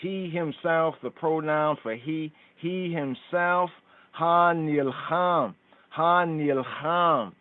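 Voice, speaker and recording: A man hosting a call-in scripture study, slowly repeating and sounding out Hebrew words as he explains them. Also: fairly high pitch, no room sound. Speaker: host. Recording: tinny phone line, dry.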